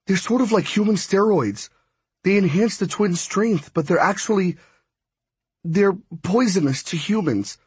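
A man voicing a nervous teen girl, halting. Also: high-pitched, lively intonation, a little mellow, slightly rough, no room sound, pitched above the performer's own voice, heavily acted. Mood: worried. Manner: hesitant, halting explanations. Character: frightened teen girl, anxious and kind.

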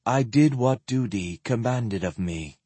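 Man reading a spectral knight for a fantasy audiobook: hollow and husky, quiet and slow, with stately old-fashioned speech. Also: medium pitch, lively intonation, dry recording. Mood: solemn. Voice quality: hollow, empty voice. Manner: solemn, archaic speech. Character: hollow-voiced ghost of an armored knight.

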